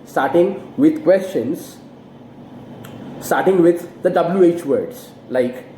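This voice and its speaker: With a dark, mid-range voice and a slow pace, an online English teacher throws out rhetorical questions and exaggerates rising and falling intonation. The recording has roomy echo and faint background noise.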